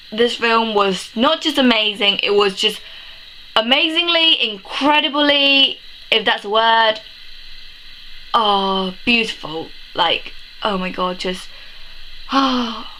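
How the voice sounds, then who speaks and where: A woman's voice: on the high side, sharp tone, a little hiss or hum, low-quality recording. A young woman vlogging a film review, sniffly from crying, gushing and rambling with many exclamations and laughs. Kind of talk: casual emotional film review.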